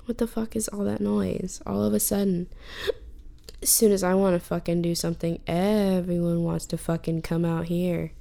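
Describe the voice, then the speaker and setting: A woman's voice: on the low side, level tone, normal speed, creaky, mellow. A young woman hosting a podcast, ranting casually in a frustrated tone, with lots of swearing and filler words. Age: young adult. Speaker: podcast host.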